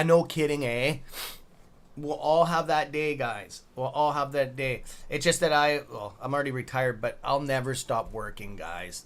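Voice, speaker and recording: A man's voice: medium pitch, a bit bright. A middle-aged man casually hosting a live stream, reading chat aloud and bantering with loose swearing. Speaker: livestream trading host.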